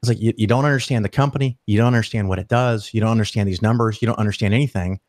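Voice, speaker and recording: Brief: man, podcast guest, lively profane storyteller, dry close sound. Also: on the low side, rapid-fire, no echo. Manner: animated, profane, acts out quoted voices. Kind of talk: casual storytelling interview.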